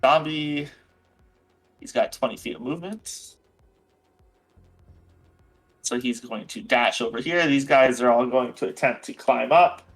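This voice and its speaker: A man's voice: mid-range voice, a little slow, long pauses, faint music behind, low-quality recording. A man running a tabletop game as game master, narrating moves and dice rolls in a casual way with many fillers.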